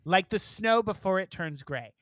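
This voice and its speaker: A man co-hosting a podcast, telling work stories in a casual, animated way and acting out what people said with big swings in voice. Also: moderate pace, dry recording. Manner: animated, acts out quotes with big jumps in pitch and volume. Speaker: podcast co-host. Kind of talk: casual storytelling chat.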